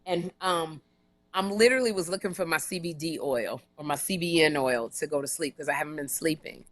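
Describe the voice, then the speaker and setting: A woman who is a talk show host and comedian tells a story during a casual live stream from her hotel room. She has a deep voice and speaks briskly in an animated, emphatic way, repeating words for emphasis, and the recording sounds dry.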